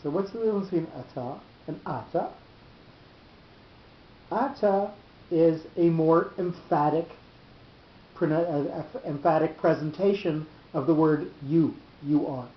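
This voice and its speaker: A man gives a weekly study class, walking through each point patiently and pausing often on filler sounds. His voice sits in the middle range. The recording sounds roomy and muffled. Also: steady tone. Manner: explanatory, many filler sounds and restarts. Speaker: Torah teacher. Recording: roomy, dull, faint rumble.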